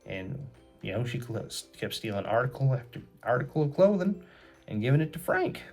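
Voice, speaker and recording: A man's voice: medium pitch, big pitch swings, brisk, darkish tone. Brief: man telling a children's story, chatty and moralizing, faint music behind. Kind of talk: kids' story retelling.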